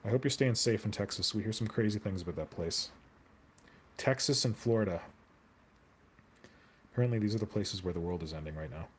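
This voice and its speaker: A man's voice: lowish voice, brisk, pauses often, slight background noise. Rambling jokey man streaming. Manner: rambling, jokey, answers viewer chat aloud. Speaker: hobby streamer. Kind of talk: casual live-stream chat.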